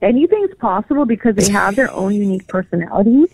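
A woman's voice: medium pitch, lively intonation, fast talker, a little mellow, husky. A woman from California, a guest on the phone, chatting casually with many fillers and easy laughs. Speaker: pet psychic guest. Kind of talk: casual interview chat. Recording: tinny phone line.

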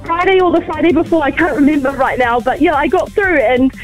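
Excitable kiwi woman calling in on the phone, high voice, laughing a lot, music under. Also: brisk, poor audio. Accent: New Zealand. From New Zealand. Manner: breathless and giddy, laughing often. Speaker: caller. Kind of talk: excited radio phone call.

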